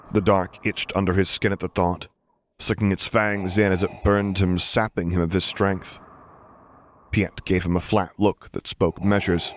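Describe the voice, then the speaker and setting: A man narrating a story in a steady, unhurried reading. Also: deep voice, a little hiss or hum. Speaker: audiobook reader. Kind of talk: scripted narration.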